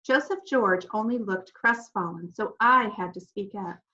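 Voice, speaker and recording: A woman narrating a children's novel in first person, animated and expressive, acting out the children's voices. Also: mid-range voice, measured pace, muffled recording. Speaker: audiobook narrator.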